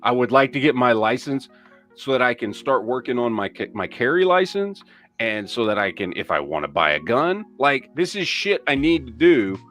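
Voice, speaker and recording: A man's voice: mid-range voice, big pitch swings, normal speed, fairly bright tone, soft background music. A man hosting a casual live-stream podcast, ranting and swearing in an exasperated way while he reads viewer comments. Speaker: podcast host.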